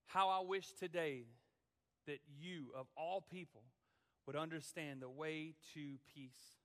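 A man's voice: a little high, fairly even intonation, bright, forceful tone, big-room sound. A man, a student pastor, preaching a dramatic, emphatic sermon in a church. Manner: dramatic, emphatic, drawn-out phrasing.

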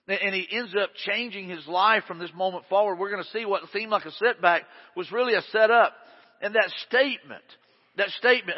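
Speaking a little fast, a male pastor with a high voice gives an emphatic yet conversational sermon, repeatedly looping back to phrases. A long reverb tail suggests a large church hall, and the recording is lo-fi and dull.

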